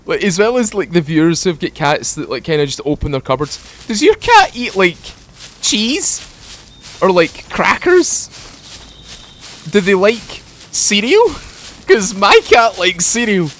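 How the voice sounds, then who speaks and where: A man at home talking into a desk microphone, giving a relaxed, rambling commentary while playing a game. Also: sits high, measured pace, slight background noise. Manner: rambling, chatty, drifts off topic; mellow, laid-back morning mood. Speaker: gaming channel host. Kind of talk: casual let's-play commentary.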